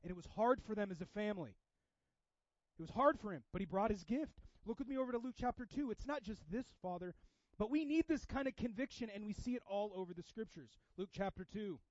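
A man preaches with a high, lively voice, pushing some lines hard and dropping others to a hush. The recording is dry and a little dull. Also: a little fast, dry recording. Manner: animated, swings from loud emphasis to quiet intensity. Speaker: pastor. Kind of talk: sermon.

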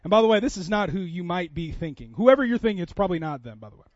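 A man's voice: sits high, lively intonation, very fast, no room sound, lo-fi sound. A man preaching a sermon in a church, telling a story in a conversational way that builds to impassioned preaching. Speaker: pastor.

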